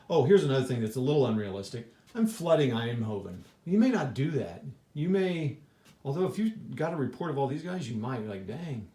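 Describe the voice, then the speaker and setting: A man with a mid-range, dark-toned voice mulls over a board wargame he played, thinking aloud in a casual way. His review wanders, with restarted sentences and lots of fillers. It was recorded in an echoey room.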